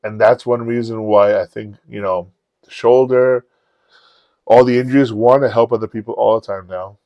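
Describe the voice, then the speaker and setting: A man's voice: medium pitch, moderate pace, dry recording. A man hosting a podcast, telling profane stories in a casual chat and acting out the dialogue. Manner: animated, profane anecdote-telling with acted-out dialogue. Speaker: podcast host. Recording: dull lo-fi dry sound.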